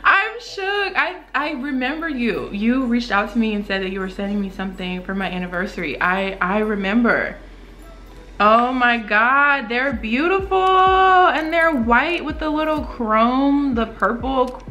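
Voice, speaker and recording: Bright, excitable young woman. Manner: gasping, exclaiming, swooping up high when thrilled. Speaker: beauty vlogger unboxing small-business packages. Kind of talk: excited casual unboxing vlog.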